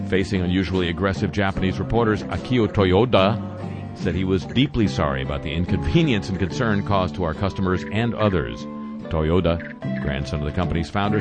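A man with a very low voice reads a satirical news roundup in a deadpan way. He drops wry asides between the stories. A clear music bed with guitar plays underneath him.

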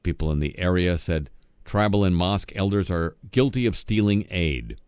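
Low-voiced sardonic man reading satirical news. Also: lively intonation, normal speed, a little mellow, clear, resonant tone, dry recording. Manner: sardonic, wisecracking asides. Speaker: radio news host.

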